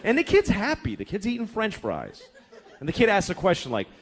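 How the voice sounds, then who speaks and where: A man's voice: sits high, wildly swooping pitch, a little fast, slight background noise. A man doing a stand-up routine, telling stories in a profane, exasperated way. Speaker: stand-up comedian.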